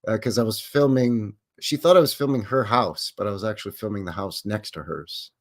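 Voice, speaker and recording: His pitch sits fairly low and he talks briskly. The man, a livestream host from Western Canada, rambles on stream, voicing quoted lines and responding to viewers.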